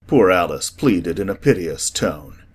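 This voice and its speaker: Husky-voiced male audiobook narrator. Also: low-pitched, animated, measured pace.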